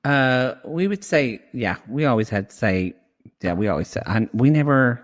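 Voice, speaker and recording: A man co-hosting a podcast chats casually as he recaps reality TV, rambling and calling his listeners "y'all." His mid-range voice is animated and moves at normal speed.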